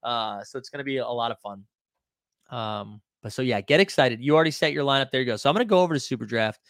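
A man's voice: medium pitch, fast talker, fairly bright tone, no echo, studio quality. A man hosting a casual livestream, reading out viewer comments in a loose, rambling way full of fillers and restarts. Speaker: livestream host.

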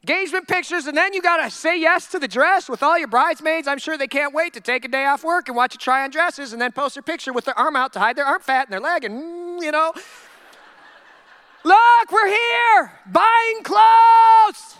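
A male pastor preaching a sermon in a humorous, animated storytelling way. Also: very high voice, fast talker, hardly any pauses, no room sound, studio quality.

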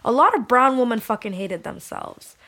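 A woman's voice: on the high side, lively intonation, normal speed, pushed and bright. A young adult woman, a musician guest on a podcast, talking candidly and emotionally, swearing freely and filling her speech with "like".

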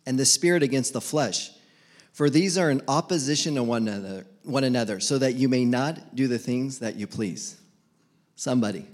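A young man preaches in a loose, joking way, slipping into quick voiced exchanges between himself and God. His pitch sits in an ordinary middle range for a man, and his talk stays relaxed and conversational from line to line. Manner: casual, joking preacher who acts out dialogues with God. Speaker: pastor. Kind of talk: sermon.

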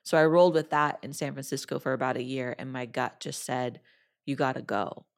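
A woman podcast host telling a personal story in a casual interview, acting out her own past remarks in a lively way. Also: rumbling low, brisk.

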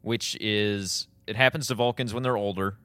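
A man in his thirties co-hosting a podcast, recapping an episode in casual chat, animated and laughing often. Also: fairly low pitch, normal speed, smooth, dry recording. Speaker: podcast co-host.

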